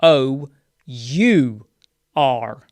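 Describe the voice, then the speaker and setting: In a small, dark, sound-paneled room, a British man from the UK rambles on a casual live chat stream, full of filler words and frequent "right?" endings. His mid-range voice is animated yet extremely slow and a little mellow, with no room sound.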